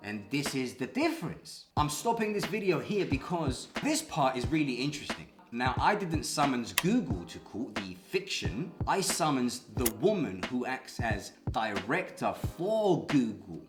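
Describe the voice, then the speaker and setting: A man's voice: medium pitch, sing-song, moderate pace, few pauses. A man talking to camera about a legal fight, aggrieved and emphatic, often acting out both sides of a conversation. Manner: aggrieved, emphatic, talks in quoted dialogue. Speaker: vlogger. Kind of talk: commentary to camera. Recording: echoey room with background music.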